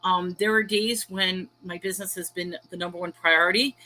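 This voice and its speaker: A woman's voice: on the low side, steady tone, normal speed, sharp tone, poor audio. A middle-aged woman hosting a casual livestream, rambling and self-deprecating, reading viewer chat aloud and laughing often between thoughts. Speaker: livestream host and small online seller. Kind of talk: casual confessional livestream rant.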